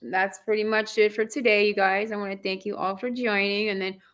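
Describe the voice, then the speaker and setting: A woman's voice: medium pitch, flat delivery, fairly quick, a bit bright. A woman from Southern California with a valley girl accent, hosting a casual online chat, bubbly and chatty, laughing often. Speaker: host.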